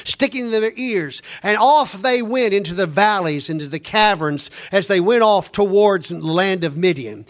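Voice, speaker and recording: Male preacher, high-pitched, storytelling sermon, repetitive and dramatic, softens to near whisper on scripture.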